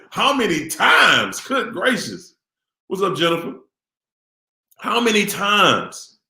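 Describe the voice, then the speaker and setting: Man, live-stream host, animated and preachy, asks the chat questions, slightly high voice, roomy echo. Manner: preachy, animated, repeats himself, asks the audience. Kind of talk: casual live-stream talk to viewers.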